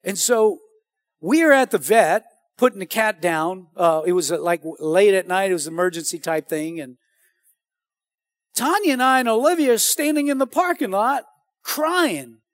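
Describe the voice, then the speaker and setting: Male pastor, very high pitch, close dry sound, animated sermon delivery. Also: normal speed, no room sound. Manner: animated, calls out to the congregation.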